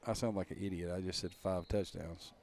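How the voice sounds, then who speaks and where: A man's voice: low-pitched, fairly even intonation, fairly quick, darkish tone. A man giving live football color commentary, teasing and bantering with his partner.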